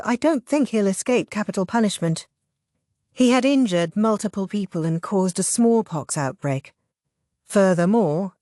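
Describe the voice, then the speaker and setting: A woman's voice: mid-range voice, darkish tone, dry recording, clean studio sound, close to an everyday voice. A woman voicing a blunt, curious young female apothecary who speaks in a matter-of-fact way.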